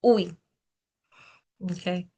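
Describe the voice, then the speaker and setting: In a classroom, a woman who teaches Greek gives a lecture on letters and sounds, her tone warm and her words drawn out. She keeps checking in with "okay" and "right?".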